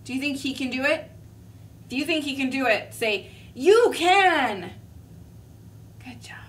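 A woman preschool teacher reading a story and teaching young children, gentle and asking them questions. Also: high voice, brisk. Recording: distant mic, faint room noise.

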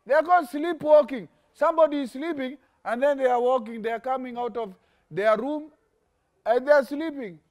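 At a moderate pace and with a very high-pitched voice, a young religious teacher hosts an interactive lesson for children. Animated throughout, he acts out small stories and uses call-and-response questions, leaving sentences for the kids to finish.

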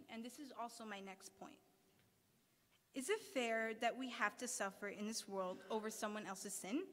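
An earnest woman delivers a sermon to an assembled audience, reading scripture and asking pointed questions. Her voice sits fairly high. Long reverb trails each phrase through the hall. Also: fairly bright tone. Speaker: student speaker.

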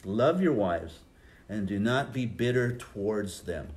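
Socal pastor guy preaching, lowish voice, chatty storytelling, gets loud then drops quiet. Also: lively intonation, measured pace. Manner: conversational, anecdotal, shifts loud and soft. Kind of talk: sermon. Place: church sanctuary.

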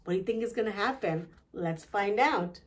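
A woman hosting a children's storytime, reading a picture book aloud slowly and deliberately. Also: mid-range voice, expressive. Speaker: storytime host.

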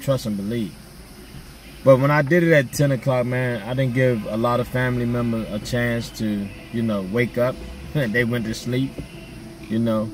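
A man talks casually to his viewers in relaxed slang, calling out names as he goes. His voice sits at an ordinary pitch and comes from a little way off the mic. A faint hum runs underneath. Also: normal speed, far from the mic. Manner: laid-back, chatty slang, reads out viewer names. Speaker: vlogger.

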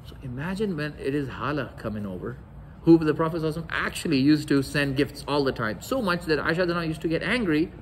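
A man's voice: a little high, lively intonation, racing, hardly any pauses, a little hiss or hum, low-quality recording. A man giving a religious lecture, telling stories and acting out the quoted dialogue. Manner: storytelling, acts out quoted dialogue.

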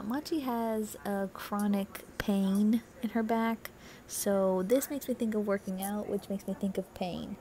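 A woman's voice: mid-range voice, a little mellow. A young woman giving a casual, encouraging spiritual card reading, chatty and full of fillers, her voice tired and a little crackly. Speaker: tarot card reader.

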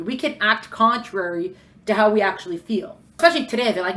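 A woman teaching a lecture class in a quick, conversational way, acting out bits of dialogue. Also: mid-range voice, animated, a bit bright. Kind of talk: lecture on religious texts.

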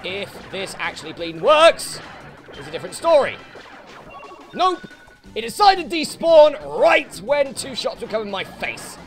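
A British man who hosts let's plays, giving excitable gameplay commentary full of swearing and frustrated outbursts. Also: very high-pitched, moderate pace, soft background music. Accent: British English. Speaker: let's play host.

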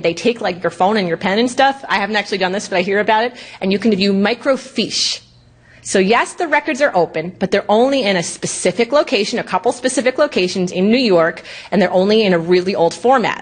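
A woman giving a lecture at a conference, animated and indignant, often mimicking officials in exaggerated voices. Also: medium pitch.

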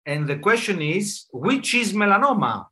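A man's voice: high-pitched, big pitch swings, moderate pace. A man hosting a live online quiz for colleagues, playful and laughing between answers, heard over a video call. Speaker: quiz host and dermatologist.

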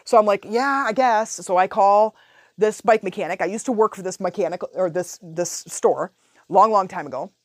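A woman hosting a podcast, telling a personal story in a casual, animated way. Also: mid-range voice, normal speed, no echo, clean studio sound. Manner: animated, chatty, retells her own thoughts aloud. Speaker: podcast host.

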